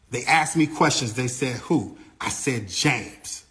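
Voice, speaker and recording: Man, tour manager, animated retelling, quotes everyone in the room. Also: mid-range voice, slow. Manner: animated retelling, acting out others' lines. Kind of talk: recounting an incident.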